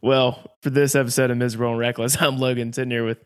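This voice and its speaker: A man with a medium-pitched voice hosts a casual sports podcast. He talks wryly and laughs easily with his co-hosts. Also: level tone, fast talker, clean tone, no room sound, clean studio sound. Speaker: podcast host.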